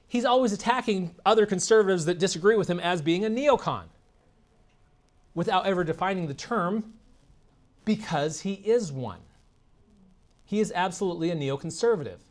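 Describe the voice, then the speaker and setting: A man giving a political keynote speech, combative and sarcastic, putting questions to the audience. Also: fairly high pitch. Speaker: keynote speaker. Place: convention meeting room.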